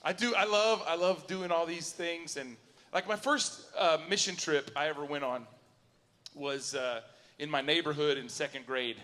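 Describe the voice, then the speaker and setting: Animated stand-up comic with drawl. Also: male voice, a little high, normal speed. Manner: animated storytelling, acting out both sides of conversations. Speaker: stand-up comedian. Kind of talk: stand-up comedy set. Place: university auditorium before a live audience. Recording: long hall reverb.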